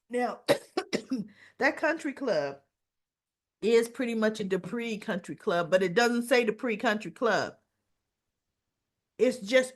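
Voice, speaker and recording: A woman casually recapping a soap opera episode, acting out the characters' lines as she retells the scenes. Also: on the high side. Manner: slow, animated retelling with quoted dialogue.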